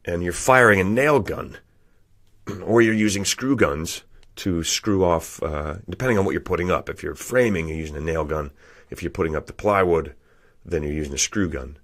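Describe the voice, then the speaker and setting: Low-pitched man, casual profane storyteller, podcast guest. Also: moderate pace, a bit bright.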